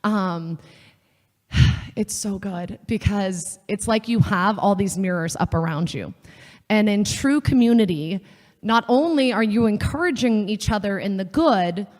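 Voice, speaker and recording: A woman's voice: medium pitch, expressive, unhurried, darkish tone. A woman giving an earnest, conversational faith talk to a live audience at a women's session, telling stories and acting out the quotes in them. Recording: long hall reverb.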